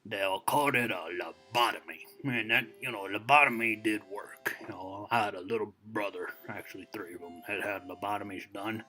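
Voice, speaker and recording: An ancient, boastful old-timer voiced by a man spins a rambling yarn, wandering off into digressions and padding every phrase with "you know." His voice sits a little low yet rings very bright and forceful, with faint music behind him. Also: moderate pace, few pauses. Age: over 60. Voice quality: folksy drawl full of "you know" fillers. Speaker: storyteller. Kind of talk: comedic character monologue.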